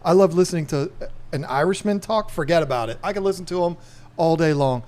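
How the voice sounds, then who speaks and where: A man's voice: fairly high pitch, fairly quick, a little mellow. Rambling, enthusiastic man in his fifties. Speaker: podcast co-host. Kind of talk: casual chat.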